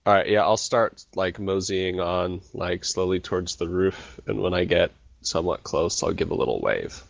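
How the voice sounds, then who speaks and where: A man playing a tabletop role-playing game, relaxed and hesitant, with fillers. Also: low-pitched, normal speed, vocal fry, no echo. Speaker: player. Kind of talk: casual tabletop role-play.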